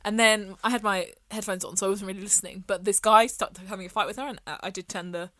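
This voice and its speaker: Fast, bright young woman. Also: medium pitch, dry recording. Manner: animated storyteller, acts out quoted voices, laughs often. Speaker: podcast co-host. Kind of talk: casual chat.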